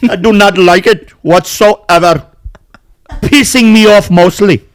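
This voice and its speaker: A man doing a mock Indian accent for a prim, offended man, pitched well above his usual voice. He sounds formal and indignant, complaining in stiff, proper phrasing. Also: steady tone, measured pace. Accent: put-on Indian accent. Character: offended man scolding a joker.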